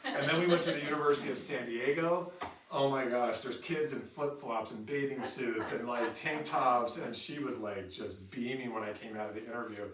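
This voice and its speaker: Brief: bright-voiced middle-aged male trainer, animated storyteller, recorded from across a roomy space. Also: medium pitch, normal speed. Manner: animated storyteller who acts out quotes with laughter. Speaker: staff trainer. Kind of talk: in-service training talk. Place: training room with an audience. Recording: roomy echo from far off, faint noise.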